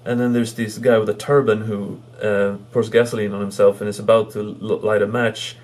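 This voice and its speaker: Halting, amused man with a low voice. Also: level tone, darkish tone. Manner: halting, full of fillers and restarts; amused, chuckles while recounting jokes. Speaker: movie reviewer. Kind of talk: casual spoken movie review.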